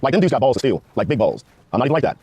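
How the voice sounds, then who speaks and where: A man tells army stories at a very fast clip, loose and full of swearing. His voice sits dark and mellow, recorded close with no room sound. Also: mid-range voice, sing-song, husky, no echo. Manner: rapid, profane, laid-back war storytelling. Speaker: guest, former Army Ranger. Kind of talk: casual storytelling interview.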